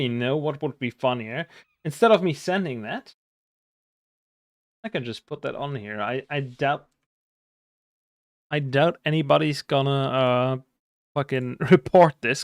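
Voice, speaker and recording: A man's voice: medium pitch, dry recording, clean studio sound. A man from Germany with a German accent, chatting casually on a live stream, rambling and hesitant, with casual swearing. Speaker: livestreamer.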